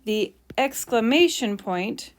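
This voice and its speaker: A woman's voice: fairly high pitch, lively intonation, takes it slowly. A woman teacher explaining punctuation while writing, with playful mock bragging asides.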